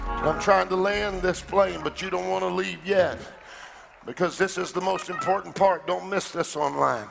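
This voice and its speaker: A man preaching in a large church, his voice rough and gravelly. He tells a story and climbs to a fervent shout. Music plays clearly behind him. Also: high voice, steady tone, normal speed. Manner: storytelling, builds to shouting climax. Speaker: pastor. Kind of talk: sermon.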